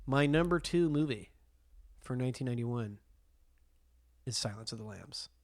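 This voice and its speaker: A man's voice: mid-range voice, expressive, normal speed. Enthusiastic man co-hosting a podcast. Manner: enthusiastic storyteller, many fillers and restarts. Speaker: podcast co-host. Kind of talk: casual film chat.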